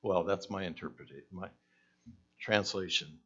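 A man's voice: on the low side, expressive, moderate pace, fairly bright tone, lo-fi sound. A man preaching a conversational sermon, asking the listeners questions and acting out the voices in the story.

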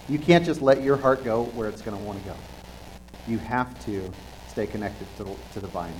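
A man preaching a conversational sermon in an earnest, halting way, often restarting his sentences. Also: medium pitch, slight background noise, poor audio.

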